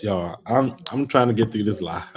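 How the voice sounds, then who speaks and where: A man's voice: lowish voice, normal speed. Man ranting on a live stream. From Baltimore, USA. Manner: animated, exasperated ranting to viewers. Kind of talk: casual live-stream chat.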